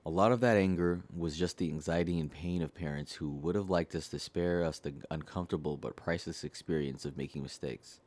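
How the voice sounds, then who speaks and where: A man reading a self-help book aloud, steady and earnest, speaking straight to the listener. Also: deep voice, a little fast, few pauses. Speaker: audiobook reader.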